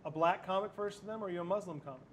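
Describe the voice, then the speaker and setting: A man's voice: high-pitched, rapid-fire. A man hosting a casual panel talk, asking questions in a playful, joking way. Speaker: talk show host.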